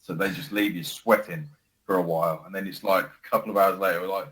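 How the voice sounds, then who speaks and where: A man co-hosting a casual podcast, telling stories with animated laughter. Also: low voice, fast talker, low-quality recording. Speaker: podcast co-host. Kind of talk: casual chat.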